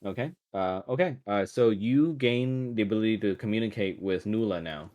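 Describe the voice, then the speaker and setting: A man's voice: lowish voice, moderate pace, darkish tone. A man narrating as dungeon master, casual and full of fillers. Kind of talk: narrating a tabletop game.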